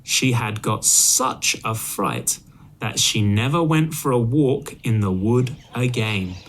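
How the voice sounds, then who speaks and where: Slow, expressive male storyteller. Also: medium pitch, slight background noise. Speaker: storyteller for English learners. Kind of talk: storybook reading aloud.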